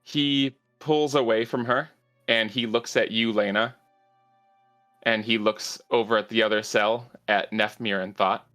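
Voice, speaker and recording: A man narrating a tabletop game as game master, measured and halting with fillers. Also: fairly low pitch, steady tone, bright, forceful tone, faint music behind.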